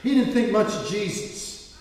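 A man's voice: high-pitched, animated, a little slow, distant mic. Preaching man in an echoey hall. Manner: earnest preaching, shifting from quiet asides to emphatic quotes. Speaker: pastor. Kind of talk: sermon. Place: church sanctuary.

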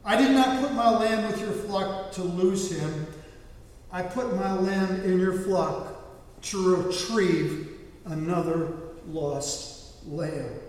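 A man giving voice to God as a gentle shepherd, slow and measured. The voice sits fairly high and rings through a large echoey hall, picked up from a distance. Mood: solemn.

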